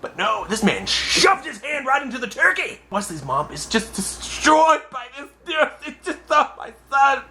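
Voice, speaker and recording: Animated young man telling a comic story. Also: extremely high pitch, moderate pace, hardly any pauses, a little hiss or hum. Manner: animated, exaggerated, acts out voices. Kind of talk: comic personal anecdote.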